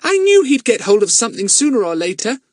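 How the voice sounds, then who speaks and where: A man voicing a sharp-tongued, bossy young girl in an audiobook, with a shrill, scolding delivery. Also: very animated, fast, no echo, studio quality. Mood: cross, scornful.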